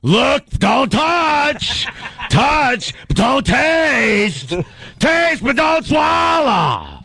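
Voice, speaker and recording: A man putting on a shouting, gravelly impression of a hammy movie tough guy on a radio show. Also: very high-pitched, very animated, very slow, dry recording, pitched above the performer's own voice, heavily acted. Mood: ranting. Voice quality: gravelly yelling.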